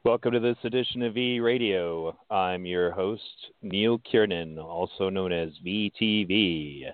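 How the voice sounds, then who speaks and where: A man's voice: deep voice, a little slow, dry recording. A man hosting a podcast, giving casual political commentary in a hesitant way with frequent fillers. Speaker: podcast host. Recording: dry, phone-like thin sound.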